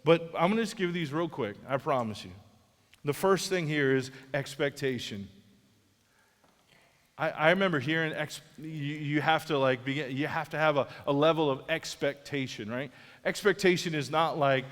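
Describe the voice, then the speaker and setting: Male pastor, earnest and conversational, trips over his restarts, voice sits high, long church-hall reverb. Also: normal speed, a bit bright. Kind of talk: sermon. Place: large church auditorium.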